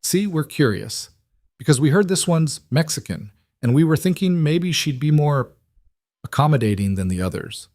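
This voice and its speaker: Brief: male narrator doing a sneering young Boston prospector, higher and louder than his own voice. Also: sing-song, normal speed, no echo, clean studio sound. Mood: taunting. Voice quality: grinning, mocking drawl. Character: young Eastern male prospector, taunting and cocky.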